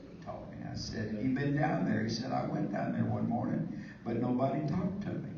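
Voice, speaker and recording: A man's voice: medium pitch, huge pitch swings, a little fast, vocal fry, a crowd in the background. Folksy man telling stories in an echoey hall. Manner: folksy storyteller acting out dialogue; dry humor. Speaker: church leader speaking to pastors. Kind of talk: conference talk with anecdotes. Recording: echoey hall, distant mic, dull and noisy.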